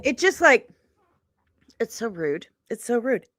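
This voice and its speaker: A woman's voice: a little high, big pitch swings, unhurried, long pauses, a bit bright, dry recording, studio quality. Tired, chatty woman hosting a stream. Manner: rambling, chatty, laughs often. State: tired after long travel. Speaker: livestream host. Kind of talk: casual chatty stream talk.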